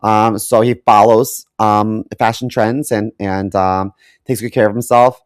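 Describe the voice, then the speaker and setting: A man's voice: fairly low pitch, steady tone, unhurried, smooth, no echo, studio quality. A man co-hosting a podcast in casual chat, hesitant with many ums and wry asides. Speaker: podcast co-host.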